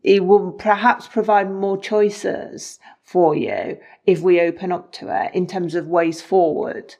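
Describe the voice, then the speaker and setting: A woman's voice: lowish voice, steady tone, slow, warm tone. A woman co-hosting a conversation, thoughtfully posing questions on behalf of listeners. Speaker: co-host. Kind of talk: interview conversation.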